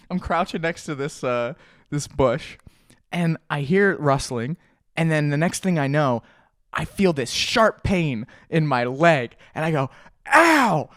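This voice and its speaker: Sitting at home with his pet, this young adult man, a vlogger, tells a meandering childhood story for a relaxed morning chat on his channel and laughs a lot. His fairly high voice comes through a mic on a stand, dry and studio-clean.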